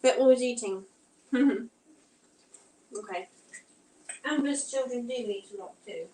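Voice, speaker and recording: A woman's voice: a little high, takes it slowly, dark tone, echoey room, distant mic, a little hiss or hum, rough recording. A woman chatting casually with viewers while she does housework, rambling a little and reading out comments, her throat tight and strained. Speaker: vlogger. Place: home kitchen.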